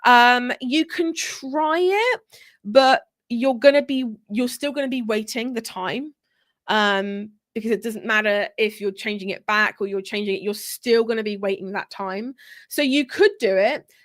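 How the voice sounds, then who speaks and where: Hoarse woman hosting a live chat. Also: fairly high pitch, unhurried, no echo, studio quality. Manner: chatty, repeats words for emphasis. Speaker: live-stream host for handmade sellers. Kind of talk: casual live Q&A.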